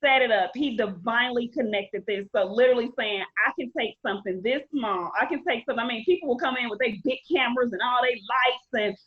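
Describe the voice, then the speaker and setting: A woman's voice: fairly high pitch, fast talker, few pauses, lo-fi sound. Earnest woman telling her story on a podcast. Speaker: playwright and film director guest. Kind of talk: casual podcast interview.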